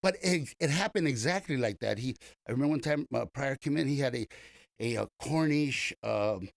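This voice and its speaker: A man's voice: medium pitch, expressive, moderate pace, creaky, no room sound, studio quality. An older man, a comedian being interviewed, telling long stories in a casual, rambling way with many restarts. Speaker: comedian guest.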